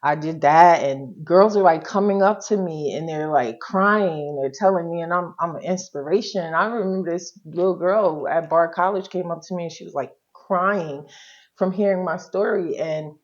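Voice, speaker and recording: Low-voiced woman telling her story. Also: normal speed, dull audio. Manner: colloquial and frank, quotes her own past words. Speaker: interview guest, social worker. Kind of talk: candid personal storytelling.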